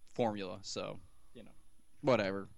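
A man's voice: on the low side, steady tone, moderate pace, creaky, no room sound. A man co-hosting a podcast in casual chat, rambling and swearing, with many restarts. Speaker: podcast co-host.

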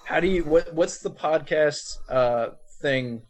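A man's voice: a little high, takes it slowly. A young man with a New Jersey accent, co-hosting a casual podcast chat, rambling with many fillers, with a slight speech impediment and on cold medicine. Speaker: podcast co-host.

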